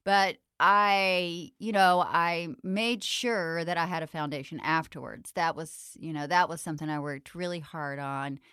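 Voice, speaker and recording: A woman's voice: lowish voice, measured pace, hardly any pauses, smooth, no room sound, studio quality. A middle-aged woman with a Southern American accent, telling stories in an interview with lots of laughter and acted-out quotes. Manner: animated storyteller, acts out quoted lines, laughs often. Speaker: actress, interview guest. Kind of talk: casual interview chat.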